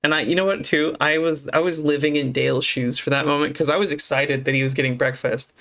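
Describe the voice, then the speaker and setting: A man co-hosting a podcast, chatting about an episode in an animated, playful way. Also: a little high, quick pace. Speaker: podcast co-host. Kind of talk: casual recap chat.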